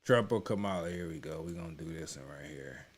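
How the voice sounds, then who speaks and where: A man's voice: rumbling low, fairly quick, slight background noise. A man hosting a reaction video, chatting loosely to viewers with many restarts and repeated words. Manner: talks to viewers as "y'all". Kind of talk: casual running commentary.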